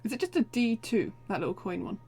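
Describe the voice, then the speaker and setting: A woman's voice: medium pitch, very animated, fast talker, gravelly, a little mellow. A woman playing a tabletop game, anxious and hesitant as she speaks for her character. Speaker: player. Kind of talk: casual tabletop game play.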